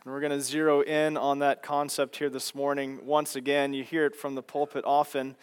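A man preaching a sermon as pastor in a church, emphatic and slowing down on key phrases. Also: medium pitch, little pitch movement, clear, resonant tone. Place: church sanctuary.

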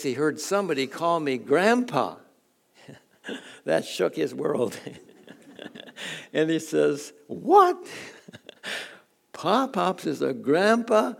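An older man preaches in a relaxed, folksy way, often chuckling and restarting his sentences. His voice is a bit gravelly and sits slightly high. He moves between homey stories and scripture reading. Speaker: guest preacher. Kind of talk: sermon with personal stories.

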